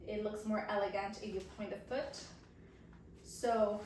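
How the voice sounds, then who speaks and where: Dance teacher, woman, slow and clear, counting steps, far from the mic in a very echoey room. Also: medium pitch, level tone, a little mellow, a little hiss or hum. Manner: encouraging, counting beats aloud, checking in with okay and yeah. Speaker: dance instructor. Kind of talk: dance class instruction with counting.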